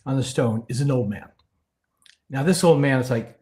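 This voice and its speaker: An older man who is an author being interviewed, telling stories conversationally and dropping to a hushed tone at the serious moments. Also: mid-range voice, normal speed. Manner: animated storyteller, drops to a hushed tone for serious moments. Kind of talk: conversational storytelling.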